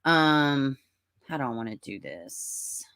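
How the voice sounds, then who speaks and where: Southern woman, low voice, chatty livestream host who calls viewers honey. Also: lively intonation, takes it slowly, a bit bright, smooth. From Middle Tennessee, US. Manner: chatty, drawling, greets viewers as honey and baby. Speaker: true-crime livestream host. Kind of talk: casual livestream chat reading comments.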